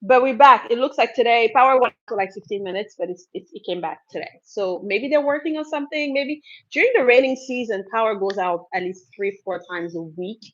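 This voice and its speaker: A woman's voice: fairly high pitch, fairly quick, hardly any pauses, fairly bright tone. A woman from Cameroon chats casually through a livestream Q&A, picking up viewers' comments and answering them with a ready laugh. The sound is a little dull and lo-fi, like a plain livestream mic. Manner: chatty, laughs often, reads out viewer comments. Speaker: livestream host. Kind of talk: casual live Q&A chat.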